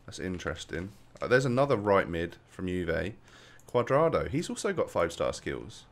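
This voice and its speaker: A man hosting a casual gaming video, playful and quick to laugh as he chats with his guest. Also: deep voice, very animated. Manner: playful, laughs often, brisk. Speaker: host.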